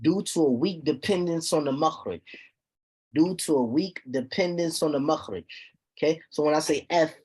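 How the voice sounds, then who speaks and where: Man, husky voice, teacher in a classroom, repeats himself, keeps asking if students follow. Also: on the high side, moderate pace, darkish tone. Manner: repeats points, checks students with "okay?". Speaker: Quran recitation teacher. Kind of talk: classroom lesson.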